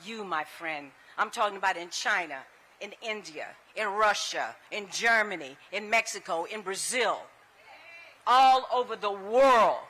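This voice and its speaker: A woman speaks into a stage microphone at an outdoor ceremony, giving a tribute. Her voice is bright and forceful. She tells stories with a lot of energy and acts out the lines of the people she quotes. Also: medium pitch, lively intonation, unhurried, a little hiss or hum. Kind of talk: public tribute speech.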